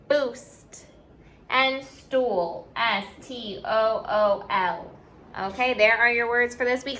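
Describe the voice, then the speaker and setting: A woman's voice: on the high side, pushed and bright. A woman teaching a class, spelling words out letter by letter and mixing in Spanish words. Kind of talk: online class lesson.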